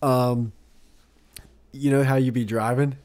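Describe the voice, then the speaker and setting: A podcast host, a man who talks in loose, rambling bursts. He swears freely and keeps laughing at himself as he fumbles to explain something. His voice sits at a middling pitch. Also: steady tone, takes it slowly, a little mellow. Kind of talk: casual chat.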